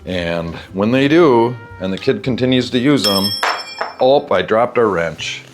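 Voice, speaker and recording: Man, very deep voice, stuffy nose, casual rambling vlog talk, faint music behind. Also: expressive, measured pace. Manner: rambling, candid, profane asides. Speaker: bike shop owner and vlogger. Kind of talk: casual storytelling while working on a bike. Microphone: wireless clip-on mic.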